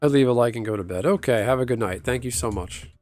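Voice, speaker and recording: A man's voice: medium pitch, fast, a little mellow, no echo, clean studio sound, faint music behind. A man chatting casually on a livestream, rambling and answering viewers' chat aloud. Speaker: live streamer.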